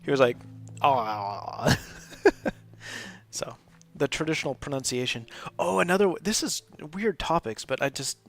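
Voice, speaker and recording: A man's voice: on the high side, expressive, moderate pace, a bit bright. A man hosting a live game stream, chatting casually and rambling, often breaking into laughs. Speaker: host of a live gaming stream. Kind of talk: casual gameplay commentary.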